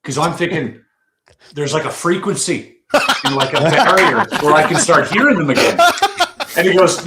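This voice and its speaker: A man co-hosting a podcast who tells a story with animated energy and acts out the quotes. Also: normal speed, heavy background noise. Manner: excitable, acts out quotes with big swings in pitch. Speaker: podcast co-host. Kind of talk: casual chat, animated storytelling. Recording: roomy echo.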